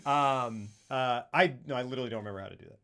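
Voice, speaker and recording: A man co-hosting a podcast, chatting casually with quick interjections and frequent laughter. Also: medium pitch, fairly bright tone. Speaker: podcast co-host. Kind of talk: casual chat.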